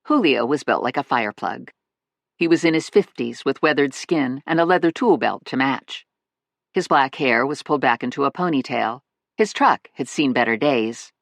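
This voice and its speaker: An audiobook narrator reading in a wry, lively way, the voice rising and falling a great deal. The recording is close and dry, with no room sound. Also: mid-range voice, moderate pace, creaky, no room sound. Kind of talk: scripted narration.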